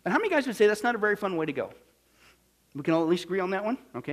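A male pastor preaching a sermon, swinging from hushed, low lines to loud, emphatic ones. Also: sing-song, racing.

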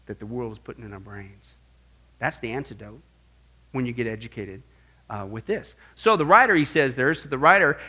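A middle-aged man teaching a Bible class in an animated sermon style, swinging from quiet asides to loud exclamations. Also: medium pitch.

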